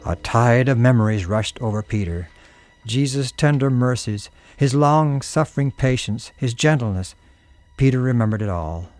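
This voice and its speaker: A man's voice: medium pitch, animated, normal speed, a little mellow. A man narrating a radio drama in an earnest, dramatic storytelling manner. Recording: music underneath.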